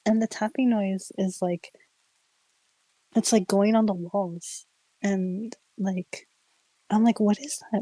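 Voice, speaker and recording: A young woman streamer casually telling a ghost story, animated and giggly, full of "like" fillers. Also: mid-range voice, no echo, poor audio. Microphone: streaming mic.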